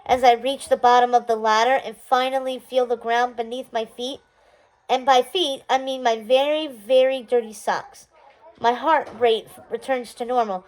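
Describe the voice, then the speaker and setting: A woman reading a children's chapter book aloud in a steady, expressive storytelling manner. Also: high-pitched, low-quality recording. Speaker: storybook reader.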